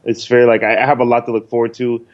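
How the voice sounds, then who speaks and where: A man's voice: mid-range voice, little pitch movement, quick pace, muffled recording. A man co-hosting a podcast, talking loosely and rambling with lots of ums and casual swearing. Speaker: podcast co-host.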